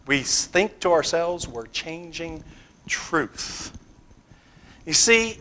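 A man preaching to a Bible class in a high, lively voice that leaps up and down. He speaks slowly and emphatically, repeating key phrases and dropping to quiet asides. His tone is bright and clear. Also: poor audio. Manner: asks the class questions. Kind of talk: sermon-style Bible class teaching.

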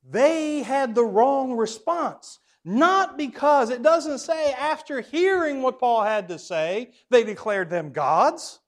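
Man, high voice, Bible class teacher, reads verses aloud with emphasis, quizzes the group, at times very quiet. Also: lively intonation, slow, few pauses. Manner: level swings widely, dropping very soft at times. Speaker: preacher.

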